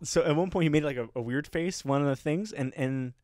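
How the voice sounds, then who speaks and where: A man's voice: fairly high pitch, brisk, a little mellow, no room sound, studio quality. A young adult man co-hosting a comedy podcast, telling a story in a rambling way, with many restarts and bursts of laughter. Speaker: podcast co-host.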